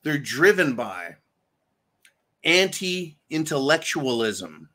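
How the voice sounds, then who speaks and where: A man's voice: fairly high pitch, very animated, very slow, pushed and bright. A man hosting political commentary, delivering an angry, profane, sarcastic rant and repeating himself for emphasis.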